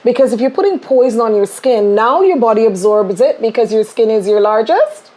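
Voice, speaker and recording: A woman hosting a podcast, enthusiastic and animated as she tells stories and explains. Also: a little high, fairly quick. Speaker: podcast host. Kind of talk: casual podcast conversation.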